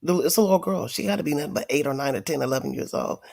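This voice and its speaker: A middle-aged woman talks straight to her livestream viewers, spinning an animated story full of swearing. She is sick and wheezing from a cold, and her voice is husky and gravelly. The sound is dry and close. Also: deep voice, racing, dry recording. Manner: profane, emphatic, addresses viewers directly. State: tired. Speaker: livestream host.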